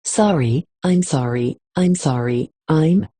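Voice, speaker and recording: A woman voicing an intense young man who swings between menace and remorse in an audiobook reading, delivered softly. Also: sits low, takes it slowly, husky, exaggerated voice. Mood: panicked apology.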